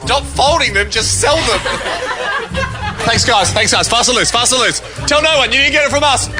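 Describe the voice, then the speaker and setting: A man loudly selling T-shirts to a crowd on a ship deck, hurried and laughing. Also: very high-pitched, over loud music. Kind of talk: loud street-seller patter.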